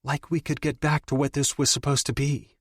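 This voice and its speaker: A man's voice: mid-range voice, little pitch movement, a little fast, slightly rough, no echo, voice pushed up. A man voicing a young woman escort in an audiobook, defiant and close to tears, pleading and wailing. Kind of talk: audiobook character voice.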